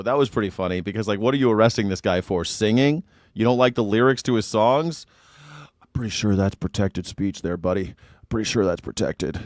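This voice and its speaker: Talking straight to his chat, a man hosts a casual reaction livestream and swears without restraint. His voice is fairly low, and the recording is dry and studio quality.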